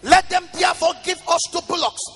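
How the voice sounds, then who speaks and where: A male pastor preaching a sermon, reading scripture in a sing-song chant and breaking into shouted declarations. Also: extremely high pitch, brisk. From Nigeria. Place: large church hall. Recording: reverberant church hall with music behind.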